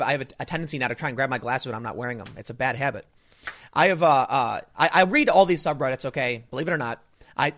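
Male commentator, fairly high voice, casual monologue with lots of restarts. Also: a bit bright. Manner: rambling, frequent restarts and fillers. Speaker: political commentator.

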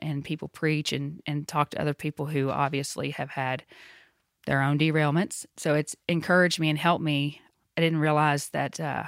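Podcast co-host, earnest, halting, heartfelt, gravelly, smooth resonance. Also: mid-range voice, no room sound, studio quality. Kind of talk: casual group podcast chat.

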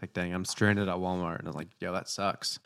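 A man's voice: low-pitched, little pitch movement, brisk, vocal fry, fairly bright tone, smooth. A young man from Oregon, co-hosting a podcast, telling stories in a laid-back, casual way. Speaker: podcast co-host. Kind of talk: casual chat.

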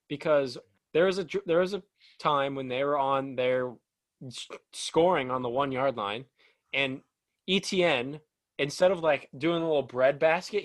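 A young man co-hosting a sports podcast, rambling and animated, with lots of "like". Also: on the high side, no room sound. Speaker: podcast co-host. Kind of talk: casual sports chat.

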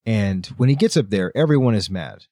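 A man hosting a podcast, retelling a story with quick, lively character voices in a casual book-club chat. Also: on the low side, dry recording, clean studio sound. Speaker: podcast host.

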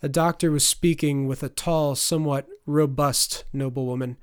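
A man narrating a fantasy audiobook in a measured storytelling voice. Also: a little high, steady tone, clean tone, no room sound, clean studio sound.

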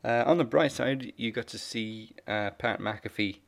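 A man's voice: fairly low pitch, measured pace, creaky. A man co-hosting a wrestling chat, recapping matches in a dry way and laughing easily. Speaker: wrestling podcast co-host. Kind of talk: casual chat.

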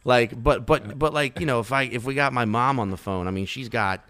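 A man's voice: mid-range voice, fairly quick, a bit bright. A man from the New Orleans area in his thirties, a comedian rambling and swearing in casual podcast chat. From New Orleans area, Louisiana. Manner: rambling, profane, laid-back.

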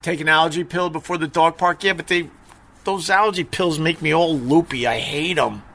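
Brief: middle-aged male streamer, allergy-stuffy, blunt rambling rant, slightly high, bright tone. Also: normal speed. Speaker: live stream host. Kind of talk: casual live stream rant.

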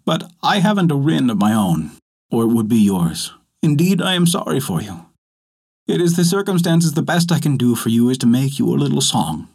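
Man doing a kind old-style ballad singer, easy and gentle, husky lively voice. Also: medium pitch, normal speed. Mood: kindly. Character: wandering male ballad singer, kindly and easygoing.

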